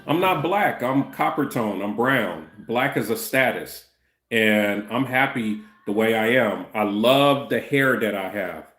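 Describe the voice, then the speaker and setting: A man's voice: medium pitch, unhurried, fairly bright tone, echoey room. Fifty-something man on a casual livestream. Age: 50s. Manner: loose, repeats "you know what I'm saying", stumbles and restarts. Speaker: livestream host answering chat comments.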